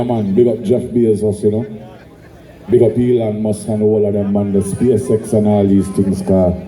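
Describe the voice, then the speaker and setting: A man working as a sound clash MC, hyping a live crowd with loose, rambling patter and shout-outs. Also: fairly low pitch. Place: large live event venue. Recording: roomy, distant live recording.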